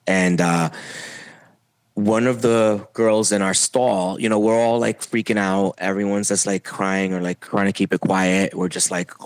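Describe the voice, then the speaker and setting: Young adult man from Puerto Rico, low dry voice, halting testimony full of fillers, podcast guest. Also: fairly even intonation, no echo. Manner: halting, many fillers and restarts. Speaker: interview guest. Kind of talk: personal testimony.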